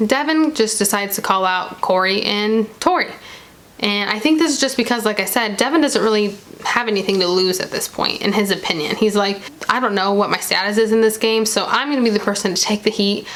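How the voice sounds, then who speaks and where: A young woman chatting casually as she recaps a reality show episode, retelling scenes with quick quoted asides. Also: medium pitch, a bit bright.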